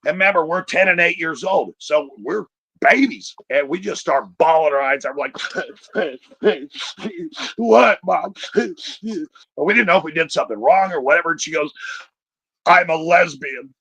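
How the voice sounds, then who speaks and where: A man's voice: fairly high pitch, quick pace, a bit bright, no echo. A middle-aged man telling a profane, rambling stand-up story full of fillers. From Chicago area. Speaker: stand-up comedian.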